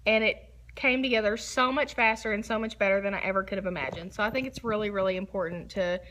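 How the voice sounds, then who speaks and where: A woman's voice: medium pitch, quick pace, fairly bright tone. A woman, a photographer hosting a casual livestream talk from her studio, bubbly, giggly and chatty. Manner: bubbly, giggly and chatty, self-described nervous.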